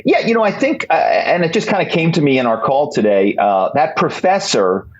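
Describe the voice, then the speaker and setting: Animated male guest telling stories. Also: a little high, normal speed, muffled recording. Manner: animated storyteller, acts out phone calls in put-on voices. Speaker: guest author. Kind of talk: conversational podcast interview.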